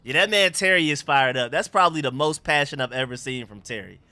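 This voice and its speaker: Reacting live to a game on his stream, this young host stays hyped, repeats himself, and talks in street slang. His mid-range voice is brisk and sharp, and there's no room sound.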